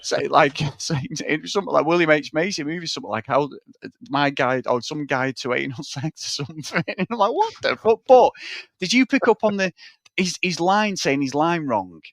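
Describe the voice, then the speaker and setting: A man's voice: a little high, lively intonation, brisk, fairly bright tone, no echo. A man co-hosting a podcast, chatting about a film in a rambling, enthusiastic way and swearing freely. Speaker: podcast co-host. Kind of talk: casual film review chat.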